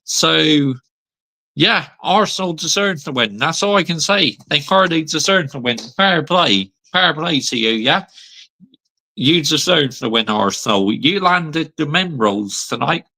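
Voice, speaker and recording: A man's voice: fairly high pitch, lively intonation, measured pace, bright, forceful tone. A man in his thirties ranting on a fan vlog, heated and sweary, still seething after a defeat. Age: 30s. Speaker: football fan vlogger.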